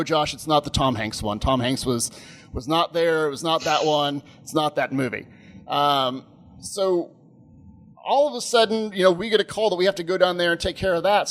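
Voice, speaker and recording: Male co-host, 30s, higher-pitched, rambling and laugh-prone storyteller. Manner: animated, rambling, laughs often. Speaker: podcast co-host. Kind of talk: casual storytelling chat.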